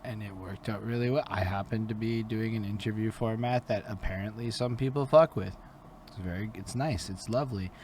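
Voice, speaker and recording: A man with a lowish voice hosts a casual interview, rambling and swearing freely as he chats. A faint hiss of noise sits under the recording. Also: fairly quick, a little mellow. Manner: loose, profane, rambling talk. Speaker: interview host. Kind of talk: casual chat.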